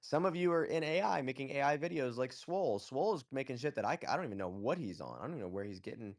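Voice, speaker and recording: A man's voice: medium pitch, lively intonation, quick pace. A man hosting a casual live audio chat, giving blunt, profane advice and often checking in with "okay?". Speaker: host.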